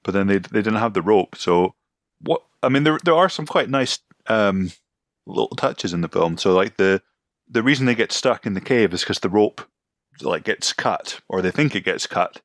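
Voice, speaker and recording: A man's voice: fairly low pitch, lively intonation, moderate pace, dry recording, clean studio sound. A man co-hosting a podcast, chatting casually about a film, repeating words now and then. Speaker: podcast co-host. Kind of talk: casual movie review chat.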